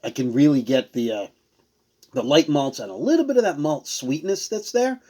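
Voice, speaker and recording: A man's voice: a little high, lively intonation, normal speed, darkish tone. Guy tasting beers at home, rambling, lots of uhs, hunting for the right word. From Rhode Island. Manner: rambling, searching for words, fillers. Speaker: beer reviewer. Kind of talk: casual tasting review.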